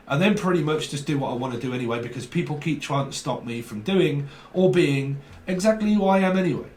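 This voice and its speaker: A man talking through a tarot reading with a somewhat high voice and a theatrical, emphatic delivery. He keeps tossing out quick question tags, and his voice echoes around the room. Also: darkish tone, slight background noise. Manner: emphatic, dramatic, keeps asking "right?". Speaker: tarot reader. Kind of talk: casual video tarot reading.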